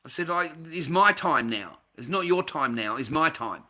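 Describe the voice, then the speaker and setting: An Australian man vents to camera in a profane, repetitive rant. His voice is forceful and sharply edged at a middling pitch. He circles back to the same complaint over and over. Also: sing-song, normal speed, few pauses. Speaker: volunteer recounting a workplace dispute. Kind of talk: angry casual rant to camera.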